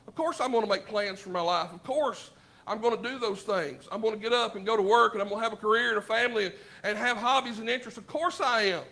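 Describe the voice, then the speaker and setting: A man with a Southern US accent preaches a sermon in a church in a very high-pitched, bright, ringing voice. He talks to the congregation conversationally, throwing out rhetorical questions and swinging from loud, emphatic lines to low, quiet asides. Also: fast, creaky. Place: church sanctuary.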